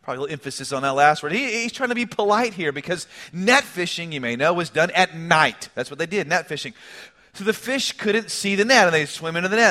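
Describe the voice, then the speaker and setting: Animated, high-voiced male preacher. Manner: animated storytelling, conversational asides. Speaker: pastor. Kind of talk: sermon.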